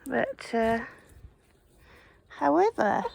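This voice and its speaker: A woman's voice: big pitch swings, drawn-out words, gravelly, darkish tone, a little hiss or hum. A woman chatting casually to her geese and the camera while working outdoors in a garden, filmed on a phone. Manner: chatty, teasing the geese in a high singsong. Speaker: smallholder vlogger. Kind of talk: casual chat to animals and camera. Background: geese honking.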